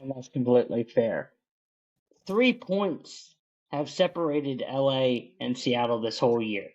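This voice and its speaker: A man's voice: medium pitch, lively intonation, measured pace, darkish tone, lo-fi sound. A man co-hosting a casual sports podcast, ranting passionately and swearing heavily as he talks about his team. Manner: passionate, profane, emphatic ranting. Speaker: podcast co-host.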